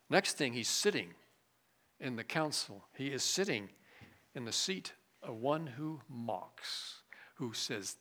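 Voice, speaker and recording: A male pastor preaching a sermon, swinging from loud emphatic lines to quiet, low asides. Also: lively intonation, measured pace.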